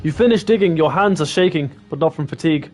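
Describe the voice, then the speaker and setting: A man's voice: a little high, fast talker, a little mellow, faint music behind. A man streaming a game, reading its text aloud and making casual asides. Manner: casual asides between narration.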